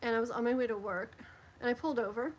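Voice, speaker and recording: A woman's voice: fairly high pitch, fast talker, low-quality recording. A middle-aged woman, chatting casually and rambling with lots of fillers as she does a live tarot stream.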